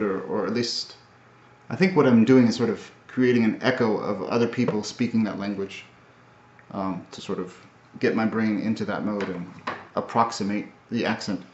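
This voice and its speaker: Brief: man, low voice, thoughtful and halting self-recorded vlog, echoey room on a muffled mic. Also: darkish tone. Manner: halting, thoughtful, many fillers and restarts. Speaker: language learner. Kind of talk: casual video recap. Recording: roomy, dull lo-fi audio.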